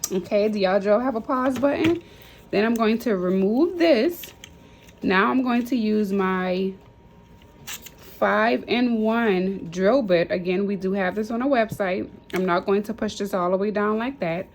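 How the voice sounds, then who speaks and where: Over the whir of a nail drill and a faint hiss or hum, a nail technician chats her class through drill work, repeating steps and using Southern US slang. She speaks at a measured pace in a mid-range voice.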